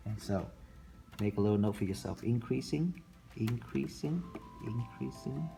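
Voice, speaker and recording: A man teaching a math lesson, calmly repeating each step while he sketches a graph. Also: medium pitch, vocal fry, soft background music. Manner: slow, repetitive, talking through steps while sketching. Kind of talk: classroom lecture recorded for students.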